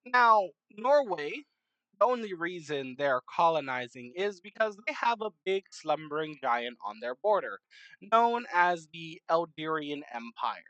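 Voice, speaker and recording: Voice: mid-range voice, big pitch swings, unhurried, fairly bright tone, no room sound, lo-fi sound. A young adult narrating a map timelapse series in a casual, rambling way, with many fillers, self-corrections and joking asides. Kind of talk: casual game commentary.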